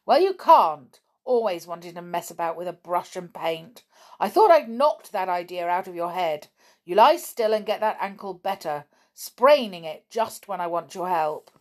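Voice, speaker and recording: A woman doing a rough, shouting angry father. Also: sits high, lively intonation, normal speed. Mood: angry scolding. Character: gruff, bad-tempered middle-aged father.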